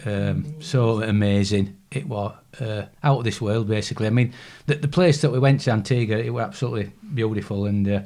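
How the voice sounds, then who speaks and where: An older man, chatting as a podcast guest, halting and repeating words as he talks. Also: on the low side, dark tone. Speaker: podcast guest, bride's father. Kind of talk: casual chat.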